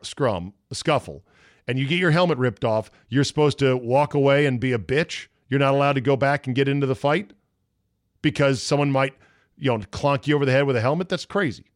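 A man's voice: medium pitch, a little fast, no room sound, studio quality. A middle-aged man hosting a podcast, ranting bluntly with sarcasm and profanity. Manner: blunt, profane, sarcastic, mocking voices in quotes. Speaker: podcast host. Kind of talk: opinionated sports talk monologue.

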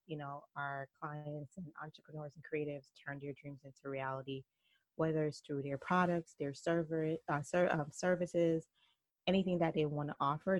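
A woman's voice: deep voice, darkish tone, no room sound. A woman in her thirties from Jamaica, with an accent mixing Jamaican and New York, speaking earnestly as a podcast guest and laughing often. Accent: Jamaican mixed with New York. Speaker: guest entrepreneur. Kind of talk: podcast interview.

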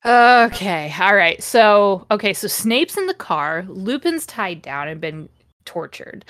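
A woman's voice: mid-range voice, lively intonation, slow, fairly bright tone, no room sound, clean studio sound. A woman podcast host giving a comedic, mock-dramatic reading with sarcastic asides.

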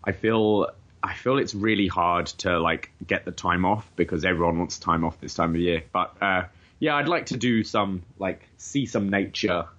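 A man's voice: low-pitched, moderate pace, a bit bright, lo-fi sound. A man with an English accent co-hosting a casual podcast chat, joking and laughing often. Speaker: podcast co-host. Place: living in Toronto area.

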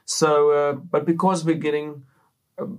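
Male faith-show host, slightly high voice, upbeat and preacherly, casual delivery to camera. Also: level tone, unhurried, clear, resonant tone. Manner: upbeat, preacherly, with frequent fillers. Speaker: host of a Christian talk show.

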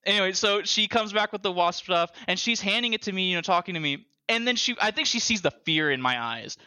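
A man hosting a podcast, telling animated stories with heavy swearing and bursts of laughter. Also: sits high, brisk, clear, resonant tone, no room sound, studio quality. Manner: profane, animated storyteller with loud laughing bursts. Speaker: podcast host. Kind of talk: casual chat, storytelling.

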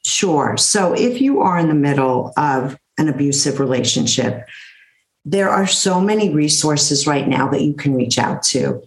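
Lowish voiced woman telling her story, blunt and lively, bit of room echo. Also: unhurried. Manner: animated, blunt storyteller who acts out quotes. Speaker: interview guest, therapist. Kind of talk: candid storytelling interview.

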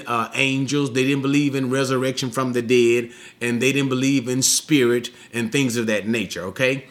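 A man's voice: medium pitch, a bit bright. A man giving an expository Bible lesson, explaining a passage step by step and often checking in with the listeners. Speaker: Bible teacher.

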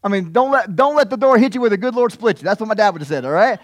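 A male pastor preaching a sermon, animated and informal, often repeating words as he goes. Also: high voice, very fast, no room sound, studio quality. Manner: animated, repeats words, acts out scripture scenes.

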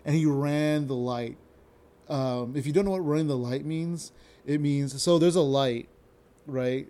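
A man's voice: fairly high pitch, unhurried, mellow. A young adult man hosting a podcast, telling a rambling, self-interrupting story with casual swearing. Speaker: podcast host.

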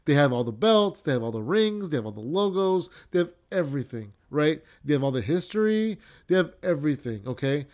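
A man's voice: fairly high pitch, big pitch swings, a little fast, hardly any pauses, a little mellow. A young man hosting a wrestling podcast, ranting casually with lots of swearing, fillers and restarts.

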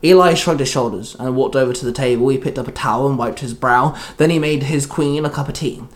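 A man reading his own adventure story aloud, in a plain, steady way with small slips. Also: medium pitch, fast talker.

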